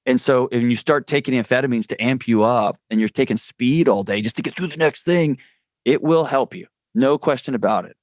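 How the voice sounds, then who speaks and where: A man's voice: medium pitch, a little fast, no room sound. A man speaking as a guest mental health expert, telling stories in an earnest, candid way. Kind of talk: conversational interview.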